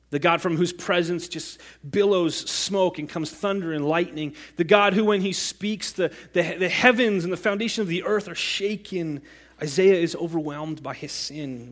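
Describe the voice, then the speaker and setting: A man's voice: a little high, a little slow. A man preaching a sermon as pastor, earnest and rising to impassioned cries when he quotes scripture.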